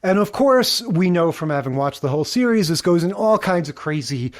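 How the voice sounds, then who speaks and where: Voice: medium pitch, expressive, brisk. A podcast co-host giving emphatic, opinionated commentary on sitcom episodes in casual chat.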